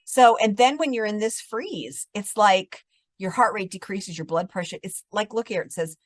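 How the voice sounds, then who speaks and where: A middle-aged woman therapist explaining trauma responses in a conversational interview, telling stories and sometimes dropping to a calm soft voice. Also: medium pitch, moderate pace, no room sound. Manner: explanatory, animated storytelling, drops to a calm soft voice when demonstrating.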